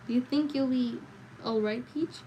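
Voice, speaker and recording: A woman reading a novel aloud, voicing a calm, composed mother in a measured way. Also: high voice, slight background noise, pitched above the performer's own voice, lightly acted, poor audio.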